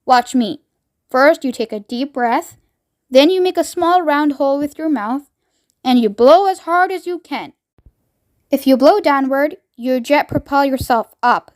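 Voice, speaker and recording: A woman voicing an eccentric male chocolate-maker who gives brisk, fussy commands in a storybook reading. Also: high voice. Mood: commanding. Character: eccentric man chocolate-maker, bossy pilot.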